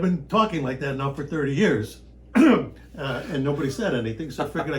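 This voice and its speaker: A man who grew up around Chicago, an actor chatting as a podcast guest, telling stories in an animated way with bursts of loud excitement. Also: fairly high pitch, fairly quick, rough recording. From Chicago area, United States. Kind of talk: casual storytelling chat.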